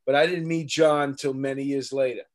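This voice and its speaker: A man who is a comedian, talking casually as a podcast guest with halting, self-deprecating jokes. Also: mid-range voice, fairly even intonation. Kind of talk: casual chat.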